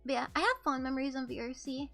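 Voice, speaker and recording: A young woman chats with her stream audience in a high, bright voice. She rambles from one thought to the next, giggles, and apologizes often. Quiet music plays behind her. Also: quick pace, creaky. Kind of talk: casual live-stream chat.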